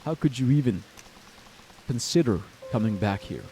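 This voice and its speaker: A man's voice: medium pitch, animated, normal speed, dark tone, a little hiss or hum, close to an everyday voice. A man voicing a cold, cruel mother who speaks with icy distance and harsh contempt. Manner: icy and distant, building to screaming. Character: cold, cruel, raging mother, middle-aged woman.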